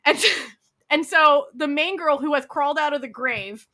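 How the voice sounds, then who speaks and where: A woman's voice: sits high, a little slow. A woman co-hosting a podcast, telling a drama's plot in casual chat, acting out the characters' lines and swearing. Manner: animated storyteller acting out quotes, swears, many "like"s. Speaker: podcast co-host.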